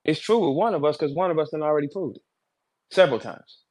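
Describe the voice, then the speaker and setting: A man, a battle rapper, giving a heated, profane rant on a live audio chat. He repeats short lines and swings between loud bursts and low, menacing tones. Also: quick pace. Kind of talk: heated Twitter Spaces rant.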